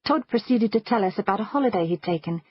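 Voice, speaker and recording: A woman narrates a first-person thriller audiobook in a measured storytelling manner. Her voice is husky and mid-pitched. The recording is dry and slightly dull. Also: lively intonation, no echo.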